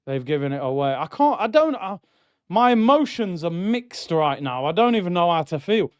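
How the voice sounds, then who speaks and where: A smooth, high-sitting voice at a moderate pace belongs to a young man hosting a live football watchalong. Excitable, he shouts at goals before grumbling and reading chat comments; the sound is lo-fi with no room sound.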